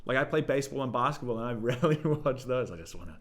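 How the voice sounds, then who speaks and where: A man's voice: medium pitch, animated, quick pace. A young man co-hosting a podcast, rambling and joking in casual banter. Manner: playful, rambling, jokey. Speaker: podcast co-host.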